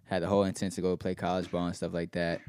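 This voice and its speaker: A man in his late twenties from Maryland, a guest rapper chatting casually in relaxed slang. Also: low voice, fast talker, smooth. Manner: relaxed slangy talk, lots of bro. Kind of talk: casual chat.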